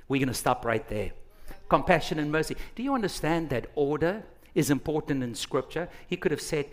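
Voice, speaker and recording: A middle-aged male pastor preaching a sermon, animated, acting out quotes with big swings from quiet to loud. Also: fairly high pitch, moderate pace. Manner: animated, dramatic swings in loudness, acts out quotes.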